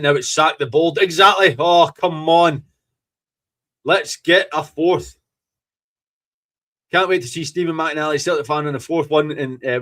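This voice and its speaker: An excitable Scottish man with a slightly raised voice gives a running live reaction to a football match. He gloats, curses freely and gets swept up in each moment of the game. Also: a little high. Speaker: fan podcast host.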